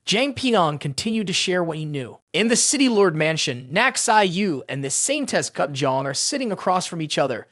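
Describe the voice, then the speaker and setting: A man narrating a fantasy story recap in a brisk, expressive storytelling manner. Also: on the high side, no room sound, clean studio sound.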